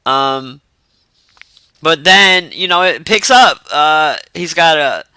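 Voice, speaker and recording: A man's voice: on the high side, expressive, takes it slowly, sharp tone, clear, resonant tone, no room sound. A man casually reviewing a movie in a rambling, filler-heavy way, with loose slang.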